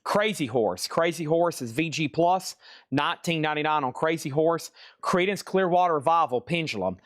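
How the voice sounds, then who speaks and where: A man's voice: a little high, lively intonation, moderate pace, fairly bright tone, no echo, studio quality. A man running a live vinyl sale, chatting in a folksy, rambling way and humming bits of songs. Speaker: live-stream record seller. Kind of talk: live sales stream chat.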